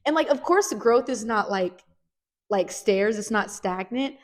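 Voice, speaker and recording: A woman's voice: a little high, animated, measured pace. Earnest young woman hosting a podcast. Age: 20s. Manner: earnest, heartfelt, lots of "like". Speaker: podcast host. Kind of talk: casual chat.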